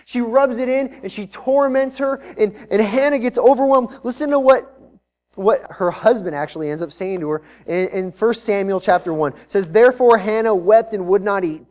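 A man's voice: high-pitched, moderate pace, a little mellow. A man preaching a live sermon as pastor to a congregation in a church, talking in a conversational way and mixing in joking asides. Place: church service before a congregation.

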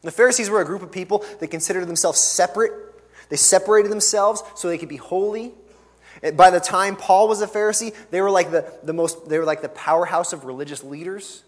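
A man preaching a sermon as pastor, earnest and emphatic, pushing hard on key words and then dropping to a soft, low finish. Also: a little fast. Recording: long reverb of a large hall.

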